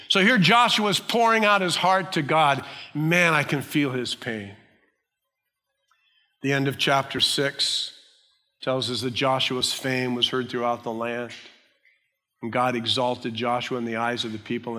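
A man's voice: medium pitch, a little slow, pushed and bright, long reverb tail. A man preaching a sermon as a pastor, earnest and emphatic.

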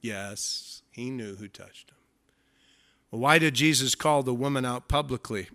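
A man as a pastor giving a sermon in a conversational, folksy storytelling way, swinging between loud emphasis and hushed, low passages. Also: measured pace.

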